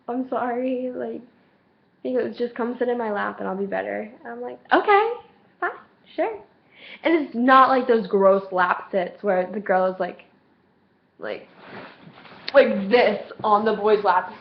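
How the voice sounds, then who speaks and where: A woman's voice: a little high, lo-fi sound. A teenage girl vlogging casually, gushing through a story, acting out the dialogue and saying "like" constantly. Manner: gushing, lots of "like", acts out dialogue.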